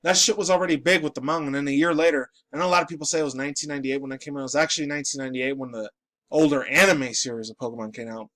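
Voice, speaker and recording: Fast-talking profane ranting man. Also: fairly high pitch, steady tone, a bit bright. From New York City. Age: late 20s. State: groggy, just woken up. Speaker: pop culture vlogger. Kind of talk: casual ranting commentary.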